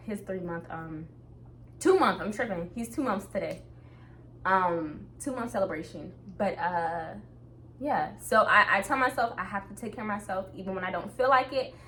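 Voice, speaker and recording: A woman's voice: mid-range voice, a bit bright, a little hiss or hum. Upbeat young woman vlogging to camera. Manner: upbeat, motivational, laughs often. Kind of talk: casual talk to camera.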